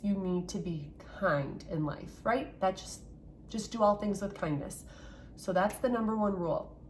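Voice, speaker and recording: A woman's voice: mid-range voice, darkish tone, a little hiss or hum. A woman teacher recorded at home, talking earnestly and encouragingly straight to her young students in a farewell message. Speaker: third-grade teacher.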